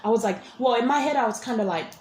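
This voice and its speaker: A woman's voice: a little high, fast, darkish tone. A woman telling a personal story in a casual vlog from a hotel room, rambling with many restarts and asides. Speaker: vlogger. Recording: roomy echo with faint noise.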